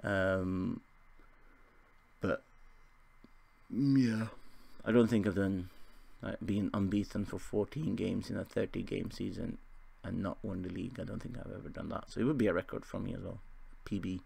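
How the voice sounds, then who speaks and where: A man's voice: deep voice, steady tone, normal speed, vocal fry, darkish tone, slightly rough. A young man casually commentating his football management game, rambling and joking at his own expense. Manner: rambling, self-deprecating, chuckling asides. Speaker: gaming video host.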